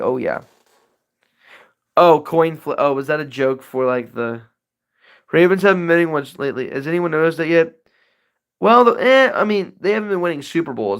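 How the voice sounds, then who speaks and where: A young man hosting a casual livestream Q&A, rambling and answering chat messages as he goes. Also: a little high. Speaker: livestream host.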